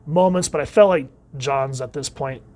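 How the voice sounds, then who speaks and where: At medium pitch and ordinary speed, a man chats casually through a comic book review. His phrases tend to trail off quietly at the end.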